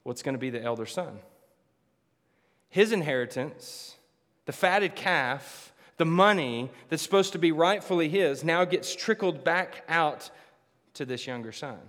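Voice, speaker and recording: A man preaching a sermon to a congregation, swinging between loud emphatic lines and hushed ones. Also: fairly high pitch, animated, unhurried. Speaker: pastor. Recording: long hall reverb.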